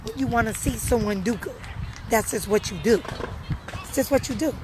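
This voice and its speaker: A woman's voice: a little high, moderate pace, background noise. Earnest woman talking straight to viewers. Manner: earnest, repeats phrases for emphasis. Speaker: live streamer answering viewers. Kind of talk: casual personal talk.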